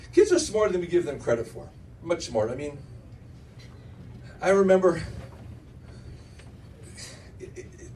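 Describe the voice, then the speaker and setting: A man's voice: sits high, distant mic, slight background noise, low-quality recording. A middle-aged man performing a stand-up comedy set in a club, telling stories with lots of restarts and audience laughter behind. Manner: animated storytelling with many restarts.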